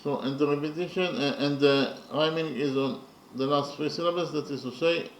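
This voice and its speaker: A man teaching poetry in a slow, methodical lecture, counting syllables carefully and pausing often with fillers. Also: fairly high pitch, fairly even intonation, echoey room, a little hiss or hum, poor audio.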